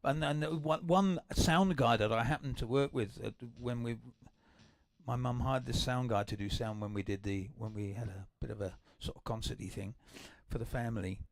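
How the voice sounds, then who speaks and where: An older English man hosting a livestream, chatting in a rambling, excitable way with many restarts between songs. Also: mid-range voice, normal speed, no room sound. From England. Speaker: livestream host and guitarist. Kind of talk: casual chat between songs. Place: home livestream. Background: acoustic guitar.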